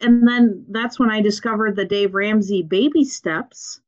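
A woman's voice: medium pitch, fairly even intonation, measured pace, a little mellow, dull audio. A woman from Minnesota with a Minnesotan accent, chatting upbeat as a podcast guest with many fillers. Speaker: guest, nurse practitioner and money coach. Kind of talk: casual podcast interview.

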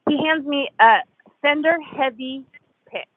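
A guest guitarist telling a story with laughs and self-deprecating asides in a casual interview. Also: male voice, extremely high pitch, unhurried, no echo. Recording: tinny phone-line audio, dry.

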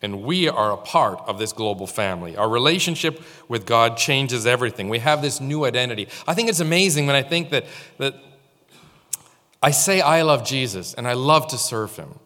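A man's voice: medium pitch, expressive, moderate pace, pushed and bright. A male pastor giving an informal sermon, telling stories and speaking directly to the congregation. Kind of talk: conversational sermon. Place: church. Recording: long hall reverb.

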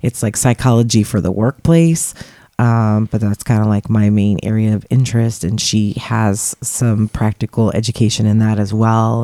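A woman's voice: extremely low pitch, moderate pace, no room sound. A woman in her forties telling a story in casual chat, laughing often and filling with "like". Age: 40s. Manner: laughing often, heavy filler "like", lively quoted voices.

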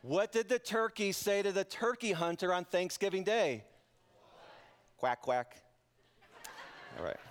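A male pastor giving a sermon in a relaxed, conversational way, mixing scripture reading with light jokes. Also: fairly high pitch. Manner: joking, conversational preaching. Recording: podcast intro over loud guitar music.

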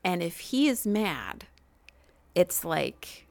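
Gravelly low-voiced woman, rambling chat. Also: very animated, extremely slow, darkish tone, no room sound. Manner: rambling, self-interrupting, laughing storyteller. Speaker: podcast co-host. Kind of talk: casual chat.

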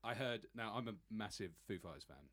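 Husky low-voiced man telling a story. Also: brisk. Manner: excitable storyteller, stammers. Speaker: podcast guest. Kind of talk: casual chat, anecdote.

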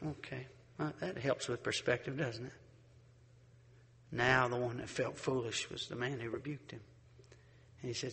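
A middle-aged man preaching a sermon, asking the congregation rhetorical questions and telling stories in a lively, conversational way. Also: medium pitch, normal speed, pauses often, in a large hall. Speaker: pastor.

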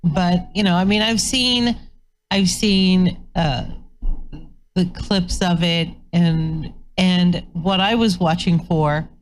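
A woman co-hosting a talk show, speaking in a measured, thoughtful way with frequent fillers. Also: fairly low pitch, steady tone, a little hiss or hum. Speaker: co-host. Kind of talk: casual chat.

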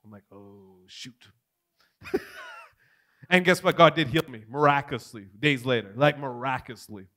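A man giving a testimony sermon, telling his story with big swings between loud and hushed. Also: medium pitch, fast talker, few pauses. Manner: animated storytelling, swings from shouting to near whisper. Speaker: preacher.

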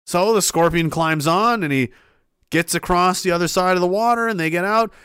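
A man with a high-pitched voice rants in a heated, profane and emphatic way. He rambles through restarts and asides as he builds his argument. His voice sounds dry and close, with no room echo. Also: normal speed, a bit bright, smooth. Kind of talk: profane opinion rant.

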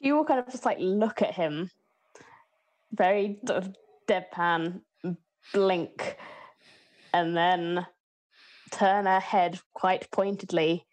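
A woman playing a tabletop game, describing her character's actions in a playful, lively way. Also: medium pitch, slow pace, pauses often. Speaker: player.

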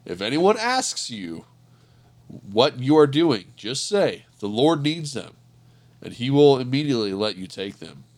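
Calm, earnest Jesus for a Bible audio reading, read by a man, mid-pitched. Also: measured pace. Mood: instructive. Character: Jesus, calm grown male teacher.

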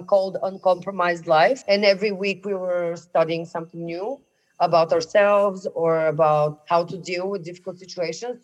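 A woman's voice: lowish voice, a little mellow, muffled recording. A woman from Bulgaria with a Bulgarian accent, talking reflectively as a podcast guest and searching for her words, with English as her second language. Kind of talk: casual conversation.

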